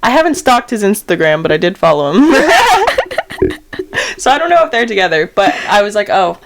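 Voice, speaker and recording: Animated young woman with a lively voice. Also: medium pitch, normal speed. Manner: animated, self-mocking storyteller. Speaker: podcast co-host. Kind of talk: casual chat.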